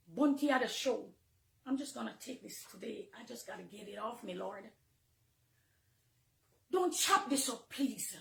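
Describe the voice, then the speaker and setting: A woman with a Jamaican accent, a minister speaking emotionally to her followers, swinging between hushed confiding and loud, heated outbursts. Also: on the high side, lively intonation, a little slow, gravelly, pauses often, roomy sound. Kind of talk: emotional personal address to followers.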